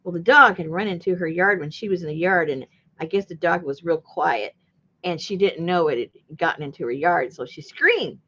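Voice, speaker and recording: A woman's voice: fairly low pitch, normal speed, pushed and bright, dull audio. A woman chatting casually while she crafts. She tells a long rambling story, laughs often and acts out what people said. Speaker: junk journal crafter and channel host.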